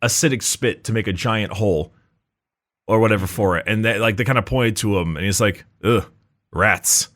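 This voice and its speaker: A man's voice: on the low side, fairly quick, a bit bright. A man in casual podcast chat, rambling with lots of fillers and restarts, laughing often. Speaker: podcast co-host.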